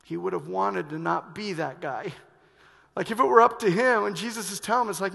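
Gravelly, bright-voiced man preaching. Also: sits high, fairly quick. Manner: swings between hushed, reflective passages and loud, urgent emphasis. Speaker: pastor. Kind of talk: sermon. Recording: long reverb of a large hall.

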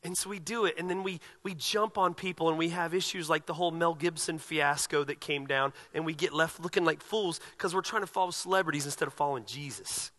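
A male pastor preaching a sermon, moving from quiet, slow passages to loud, emphatic ones. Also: a little high.

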